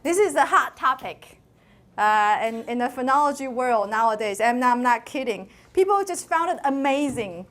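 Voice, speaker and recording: A woman from Taiwan, giving a classroom lecture and chanting example syllables slowly to demonstrate tones. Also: high-pitched, expressive. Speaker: university lecturer.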